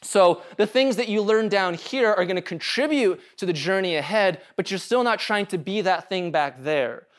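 A man's voice: high-pitched, normal speed, few pauses. A male pastor preaching a casual, conversational sermon, joking and often checking in with the room. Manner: casual, conversational, jokey, asks "right?" often.

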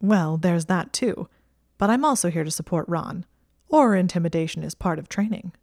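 A woman voicing a young male wizard who is calm and gently persuasive. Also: on the low side, normal speed, no room sound, clean studio sound. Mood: earnest. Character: young man wizard, earnest, calm, supportive.

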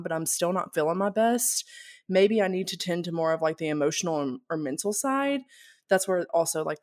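Lower-voiced woman, reflective podcast chat. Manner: earnest, filler-heavy reflective talk. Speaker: podcast co-host. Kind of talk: casual chat.

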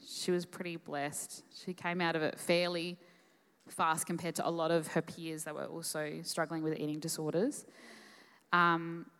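A young Australian woman telling a personal story on a conference stage, emotional and halting, full of fillers. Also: lowish voice, fairly bright tone, clear, resonant tone. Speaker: conference guest speaker. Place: live conference hall. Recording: echoey hall.

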